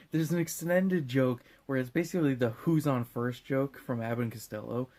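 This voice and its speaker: A man's voice: mid-range voice, moderate pace, darkish tone. A drunk man hosting a comedic movie recap in a rambling, profane, jokey way. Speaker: host.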